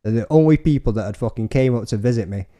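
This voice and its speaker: A young man hosting a podcast, telling sweary, animated stories in casual chat. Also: mid-range voice, quick pace. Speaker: podcast host.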